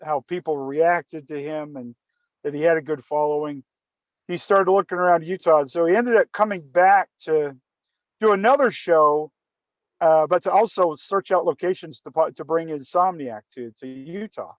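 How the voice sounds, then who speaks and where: High-pitched guy rambling through a story, lots of restarts, muffled dry sound. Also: normal speed, dry recording. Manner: rambling, repeats and restarts words. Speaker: guest storyteller. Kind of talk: casual storytelling.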